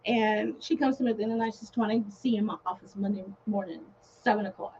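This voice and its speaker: A woman guest on a podcast telling her story in a casual, animated way, laughing often and acting out other people's voices. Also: mid-range voice, fast, slight background noise. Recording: dull lo-fi podcast audio.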